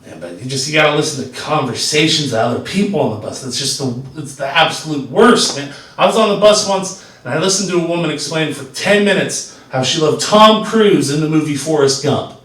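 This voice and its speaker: A man's voice: on the high side, fairly quick, few pauses, a bit bright. A man performing a stand-up comedy set, telling rambling stories full of fillers. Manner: rambling, filler-heavy storytelling. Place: comedy stage. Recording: roomy stage sound from far off.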